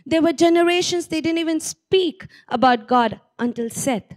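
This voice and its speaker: Lady preaching, high voice, earnest and fervent. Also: moderate pace. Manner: earnest, rising to fervent exhortation. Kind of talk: sermon.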